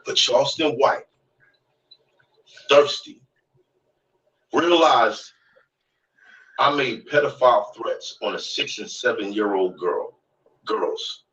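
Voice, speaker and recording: A man ranting angrily, shouting and repeating his lines for emphasis. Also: medium pitch, lively intonation, slow, long pauses, distant mic, muffled recording. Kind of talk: heated rant from a played clip.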